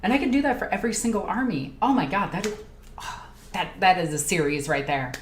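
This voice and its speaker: A woman hosting a casual live Q&A stream. She reads viewer comments aloud and chats excitedly, jumping from topic to topic. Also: on the low side, fast. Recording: echoey room with faint ambient noise.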